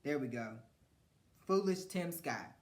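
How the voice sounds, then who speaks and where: A man's voice: on the high side, lively intonation, takes it slowly. A man hosting a podcast, giving a blunt, profane political rant with frequent mocking laughs and stumbling restarts. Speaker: podcast host. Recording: roomy echo.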